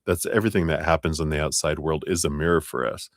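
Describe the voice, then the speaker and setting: A man's voice: rumbling low, quick pace, no room sound, studio quality. A man doing a live tarot reading, musing and easygoing, with many fillers and restarts. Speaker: tarot reader.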